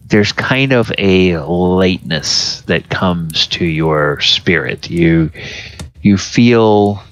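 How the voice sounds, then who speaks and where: A man narrating a tabletop game as game master, in a halting, thoughtful way. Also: low-pitched, a bit bright. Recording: dull lo-fi recording.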